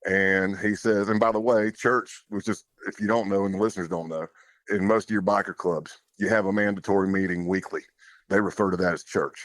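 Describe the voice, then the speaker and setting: A man's voice: low-pitched, fairly even intonation, fairly quick, a bit bright, dry recording. A man talking as a podcast guest, telling his story in a plainspoken, loose way with casual fillers. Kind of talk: conversational storytelling.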